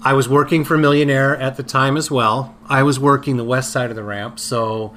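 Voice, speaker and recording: Man, podcast co-host, bright tone, halting storytelling, slight hiss behind. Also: mid-range voice, fairly even intonation. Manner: halting, many fillers and restarts. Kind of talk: casual conversational storytelling.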